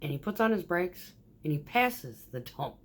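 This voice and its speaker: A woman who drives a concrete mixer truck, telling profane, animated stories about her workday in a casual vlog. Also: on the low side, normal speed. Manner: profane, animated, acts out quoted voices.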